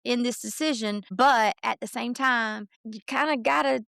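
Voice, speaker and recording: A middle-aged woman tells a long story as a podcast guest, slipping into quoted voices and filler words. Her voice is heavily fried and gravelly, a bit higher than most. It is recorded close and dry, with no room sound. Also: moderate pace, fairly bright tone, dry recording. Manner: chatty, retells conversations in quoted voices, many fillers. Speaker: podcast guest, mother of a college football recruit. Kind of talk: casual storytelling chat.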